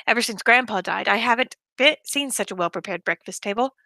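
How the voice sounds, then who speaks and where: A woman's voice: fairly high pitch, fairly quick, pushed and bright, dry recording, clean studio sound. A woman streamer chatting casually and reading a visual novel aloud, rambling and correcting herself as she goes. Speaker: let's play streamer.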